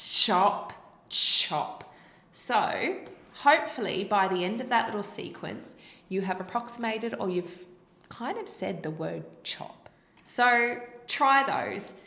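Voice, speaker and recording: A woman's voice: medium pitch, fairly bright tone. Woman speech therapist in a roomy space. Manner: demonstrates sounds slowly, encouraging. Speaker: speech-language pathologist. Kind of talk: instructional explanation. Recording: roomy echo.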